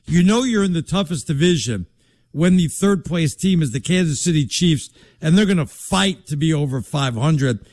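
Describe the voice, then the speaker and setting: A man's voice: fairly high pitch, animated, moderate pace, a little mellow. A man from Connecticut hosting a sports talk show, arguing in a brash, emphatic and mocking way. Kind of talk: casual sports debate.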